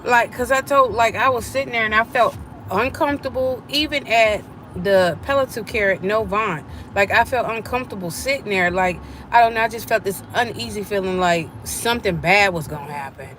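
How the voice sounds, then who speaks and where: A woman's voice: medium pitch, moderate pace, a little hiss or hum. A middle-aged woman, chatting with viewers during a live stream and acting out the voices in her story. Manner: animated, acts out quoted voices.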